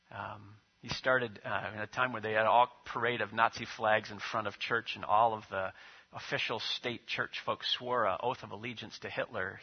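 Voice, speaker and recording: A pastor with a lowish, breathy-edged voice preaches a sermon in a lo-fi recording. He tells stories, acting out the quotes, and then leads prayer and liturgy.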